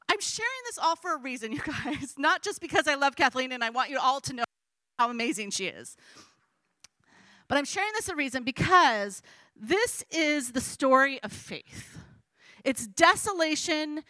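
A woman's voice: high voice, bright, forceful tone, no echo. A middle-aged woman leading a weekly Bible study, speaking earnestly and emotionally to her group, with a conversational manner and many fillers. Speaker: women's Bible study leader. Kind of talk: heartfelt teaching talk to a group.

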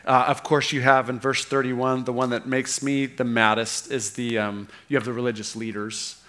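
A man's voice: mid-range voice, flat delivery, moderate pace, fairly bright tone. A man preaching a sermon, earnest and unscripted, with frequent fillers and restarts.

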